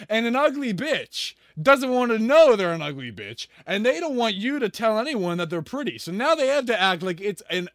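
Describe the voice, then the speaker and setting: Profane, ranting man with a high, lively voice. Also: no echo, clean studio sound. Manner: profane, sarcastic, combative. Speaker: reaction video commentator. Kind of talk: ranting commentary.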